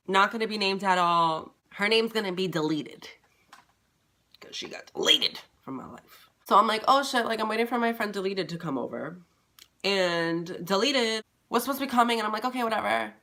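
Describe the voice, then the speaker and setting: A man vlogging a casual storytime, retelling it in an animated, profane, dramatic way. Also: high voice, moderate pace.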